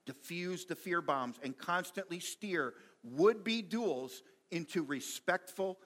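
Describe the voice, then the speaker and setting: A man preaching a sermon in a lively, conversational way, reading quotes and making asides to the congregation. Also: high-pitched, slow. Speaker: pastor.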